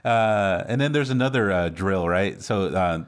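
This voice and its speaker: A man co-hosting a podcast, casually retelling a film's plot with lots of fillers and quick acted-out lines. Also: low voice, lively intonation, smooth. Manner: rambling recap with many fillers and laughs. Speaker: podcast co-host. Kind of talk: casual movie recap chat.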